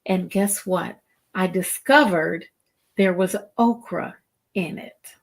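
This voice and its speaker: A middle-aged woman hosting a live-streamed wellbeing talk show, speaking deliberately and repeating phrases for emphasis to her viewers. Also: on the low side. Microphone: streaming setup, video call style.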